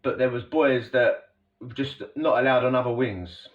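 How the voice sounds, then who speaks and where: A man's voice: medium pitch, normal speed. A man casually telling a prison story, rambling and slangy, full of asides to the listener. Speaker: storyteller recounting prison life. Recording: distant, dull lo-fi recording.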